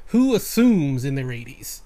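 A man's voice: medium pitch, big pitch swings, measured pace, warm tone. A man co-hosting a podcast in casual chat, eagerly agreeing and building on his partner's points. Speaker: podcast co-host.

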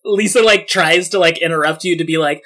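A man narrating a tabletop game as game master, chatty and quick, often laughing. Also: fairly high pitch, pushed and bright.

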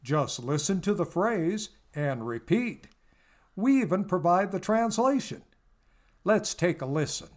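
A man delivering a comic mock infomercial in folksy cowboy slang, with a hard-sell pitch. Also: big pitch swings, a little slow. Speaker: announcer and radio host.

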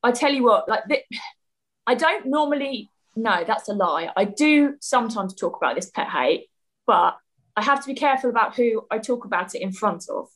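A woman chatting as a podcast guest, opinionated and quick to laugh. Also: on the high side, expressive, fairly bright tone, rough recording. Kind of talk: casual chat.

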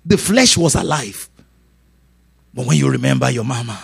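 A middle-aged man preaching a sermon in an animated way, laughing and shouting his punchlines. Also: mid-range voice, normal speed, creaky, pauses often, breathy edge. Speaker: pastor.

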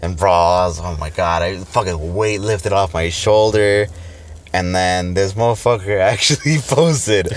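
A man's voice: sits low, measured pace. A young man in his twenties co-hosting a podcast, telling a story in casual chat, swearing freely and laughing often. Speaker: podcast co-host.

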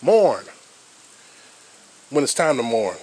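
A man's voice: mid-range voice, very animated, slow pace, mellow, breathy edge. A man hosting an advice podcast, talking earnestly and repeating himself with many fillers and restarts, recorded outdoors in the rain. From United States. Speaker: podcast host. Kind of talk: casual spoken advice podcast.

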